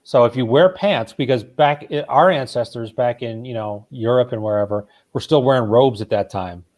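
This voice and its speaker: A man with an ordinary pitch chats easily, reading out viewer comments. He then shares bits of trivia in a relaxed way. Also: normal speed. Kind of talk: casual chat.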